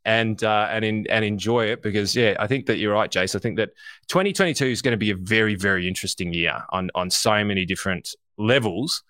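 A man co-hosting a podcast, giving animated, casual market commentary, swearing freely and speaking straight to listeners. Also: lowish voice, brisk, dry recording, studio quality. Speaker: co-host.

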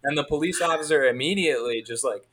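A man telling a long story in a casual chat, in a fairly monotone, rambling way with many restarts. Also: on the high side, fast.

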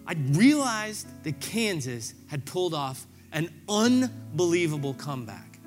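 A man's voice: a little high, very animated, measured pace, soft background music. A middle-aged man preaching a sermon, telling a story with self-deprecating humor and acting out his own reactions. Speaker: pastor.

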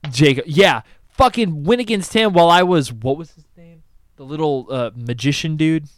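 A young man in casual chat about video games, ranting profanely with loud outbursts. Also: fairly high pitch, moderate pace.

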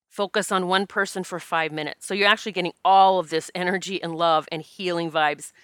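A woman's voice: on the low side, smooth, dry recording, studio quality. A woman who practises Reiki, telling a personal story in a candid, emotional, casual way and acting out what people said. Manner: emotional, candid, animated quoting of herself.

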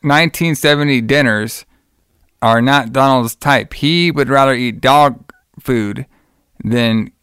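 A man's voice: medium pitch, slow, fairly bright tone, smooth, dry recording, clean studio sound. A man in casual chat, retelling the plot of a film in a rambling way and acting out lines, often saying "all right.". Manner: rambling retelling, acts out quotes, says "all right" a lot.

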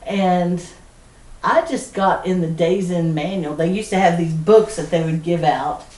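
A middle-aged woman with a Southern US accent, co-hosting a podcast and telling a lively story with frequent laughter. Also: lowish voice, a little slow. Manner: animated storyteller, laughs often mid-sentence. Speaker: podcast co-host. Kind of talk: casual storytelling chat. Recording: roomy sound from a distant mic.

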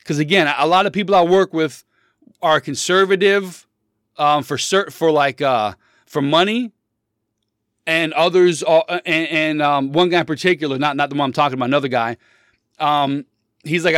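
Guy ranting about politics, blunt and rambly, kinda high voice, dry close sound. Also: moderate pace, a bit bright, smooth, no room sound. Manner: blunt, opinionated, rambling with restarts. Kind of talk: casual political monologue.

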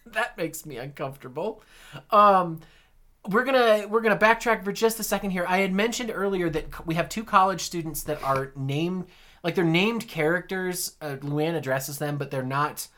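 A man co-hosting a podcast in casual chat, animated and joking, swearing freely. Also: high voice, normal speed. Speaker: podcast co-host.

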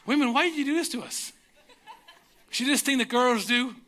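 A man's voice: extremely high pitch, a little fast, bright, forceful tone, slight background noise. An Irish man in his thirties preaching a sermon, telling humorous, self-mocking personal stories. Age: 30s. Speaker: pastor.

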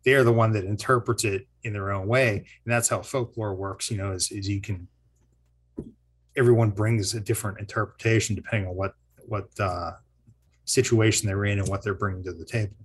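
A man, a historian and teacher, telling local history in a relaxed interview, rambling and correcting himself with frequent chuckles. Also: fairly low pitch, fairly quick, breathy edge. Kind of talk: casual interview storytelling.

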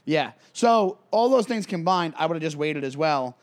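A man co-hosting a casual comedy podcast, animated and filler-heavy, acting out little scenes as he talks. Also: a little high, normal speed. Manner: animated, acts out scenes with voices, many fillers. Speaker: podcast co-host.

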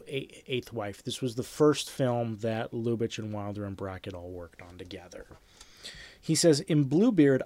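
Man lecturing with animated storytelling. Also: medium pitch, no room sound. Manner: animated storyteller, acts out sound effects, repeats himself. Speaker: screenwriting teacher. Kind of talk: lecture reading anecdotes aloud.

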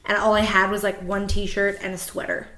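A woman's voice: medium pitch, monotone, brisk, sharp tone. A woman co-hosting a podcast in casual chat, often laughing and reacting in disbelief. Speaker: podcast co-host. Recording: roomy echo.

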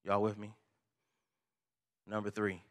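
A man's voice: on the low side, monotone, takes it slowly. A man preaching a sermon, asking the congregation to finish his sentences. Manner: preachy call-and-response, asks the congregation to finish lines. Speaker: pastor.

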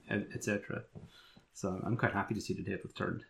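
Easygoing man, lowish voice, podcast chat. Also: steady tone, fast, creaky, fairly bright tone. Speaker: podcast co-host.

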